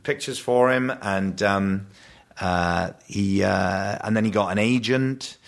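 A man's voice: on the low side, slow, vocal fry. A man telling stories in casual chat and slipping into voices. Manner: animated storyteller, does voices.

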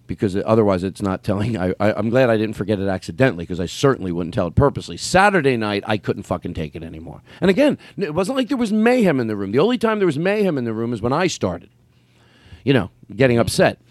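A man, a comedian and podcast host, telling a story in casual chat, animated, swearing and acting out his own lines. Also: on the low side, quick pace, dry recording.

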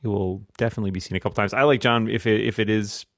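A man's voice: on the low side, steady tone, very fast, fairly bright tone, no echo, clean studio sound. A man in his thirties chatting on a podcast panel, wry, with chuckling asides. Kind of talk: casual chat.

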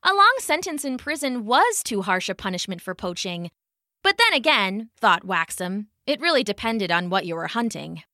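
A woman narrating a fantasy storybook in an expressive, lively way. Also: mid-range voice, normal speed, no room sound, studio quality.

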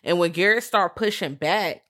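Female podcast co-host, Southern US accent, lowish voice, lively profane storyteller. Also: normal speed. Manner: animated, profane, acts out characters' lines. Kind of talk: casual movie review chat.

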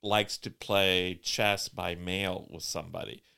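A man co-hosting a casual podcast, recapping a TV episode with dry, deadpan teasing. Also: low voice, unhurried, vocal fry, smooth. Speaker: podcast co-host.

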